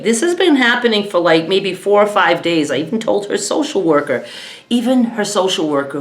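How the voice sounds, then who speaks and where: A middle-aged woman talking frankly to her viewers in a casual vlog, exasperated and often laughing. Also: on the low side. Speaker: vlogger, caregiver of her mother. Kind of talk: casual talk to camera.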